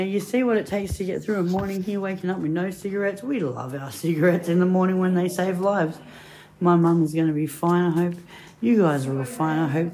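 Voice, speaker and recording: A woman's voice: lowish voice, dark tone. A woman rambling casually and telling jokes as a chatty storyteller.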